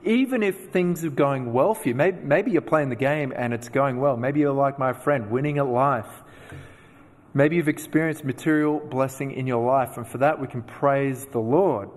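A man preaching a sermon, telling personal stories with animated, self-deprecating asides. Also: medium pitch, moderate pace, in a large hall. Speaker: pastor.

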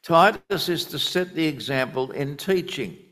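A man preaching a sermon, teaching from the Bible in a deliberate, emphatic way. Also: on the high side, lively intonation, a bit bright.

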